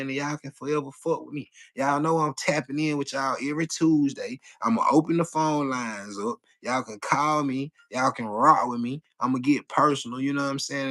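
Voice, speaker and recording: A man's voice: on the high side, fairly bright tone. A man hosting a casual live stream, chatting loosely with viewers in slang and repeating his phrases over and over. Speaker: livestream host.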